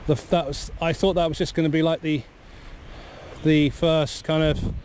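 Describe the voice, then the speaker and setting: A chatty man with a cold, rambling cheerfully to the camera as he fishes. His voice sits a touch high, with faint wind noise from the riverbank in the background. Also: little pitch movement, moderate pace, darkish tone. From Cornwall. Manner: chatty, rambling, easily amused. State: has a cold. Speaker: fishing vlogger. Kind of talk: casual outdoor vlog narration. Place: windy riverbank outdoors in bad weather.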